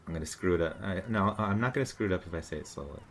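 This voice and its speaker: A commentator reacts to online posts in a low, slightly bright voice, firing off words rapidly. His sarcastic monologue is casual and rambling, full of fillers and restarts.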